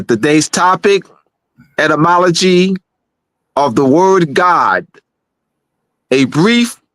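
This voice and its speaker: A man hosting a livestream show, talking in a halting, animated way with many restarts. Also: a little high, dry recording. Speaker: show host.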